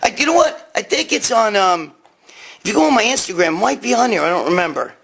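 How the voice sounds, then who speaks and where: This high-pitched New Yorker talks fast with big pitch swings, and his voice is gravelly, husky and fairly bright. He hosts a casual live stream, reading viewers' questions from his phone aloud and answering with rambling profanity.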